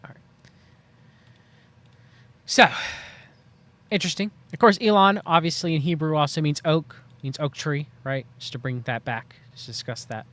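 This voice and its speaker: A man's voice: a little high, normal speed, pauses often, fairly bright tone, no room sound. A man hosting a livestream, talking to his chat in a rambling, wry way and drawing out words for emphasis. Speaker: livestream host. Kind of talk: casual commentary to chat.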